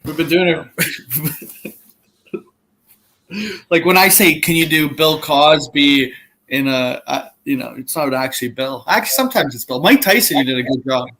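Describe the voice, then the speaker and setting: Bright-voiced male podcast host. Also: on the high side, unhurried, pauses often. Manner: reads prompts aloud, chuckles often. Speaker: podcast host reading out impression prompts. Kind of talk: casual chat.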